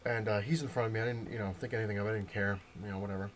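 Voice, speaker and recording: A man with a fairly low, steady voice races through a rambling account to camera of his trip to the comic shop, showing the comics he bought. He's at home indoors, telling the story loosely with lots of fillers and restarts, and there's a little hiss or hum.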